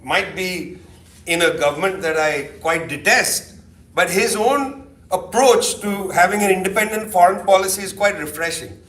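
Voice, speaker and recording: A man's voice: high-pitched, moderate pace. A middle-aged man giving a keynote talk in a loose, sardonic, conversational way, full of asides. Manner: animated, sardonic, peppered with asides. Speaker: keynote speaker. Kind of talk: conversational lecture. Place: lecture hall. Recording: echoey hall, distant mic.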